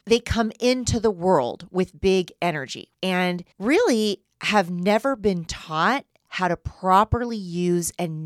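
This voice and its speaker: A woman hosts a solo podcast, talking in an earnest, explanatory way. Her voice sits a little low, and the recording is dry and close with no room sound. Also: no echo. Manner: earnest, explanatory, often asks "right?". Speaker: podcast host and human design coach. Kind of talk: solo podcast teaching talk.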